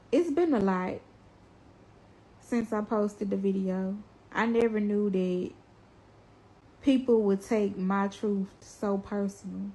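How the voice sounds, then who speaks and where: A woman's voice: mid-range voice, dark tone, poor audio. A young woman, a mother, talking straight to her viewers in a casual, blunt and earnest way. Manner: earnest, blunt and colloquial, addresses viewers directly. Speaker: mother telling her family's story to viewers. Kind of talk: casual direct-to-camera testimony.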